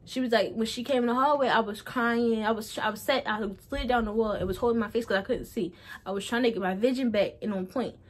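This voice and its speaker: A woman's voice: a little high, fairly even intonation, fast talker. A young adult woman telling a personal story in a casual vlog, rambling and often repeating herself. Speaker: vlogger.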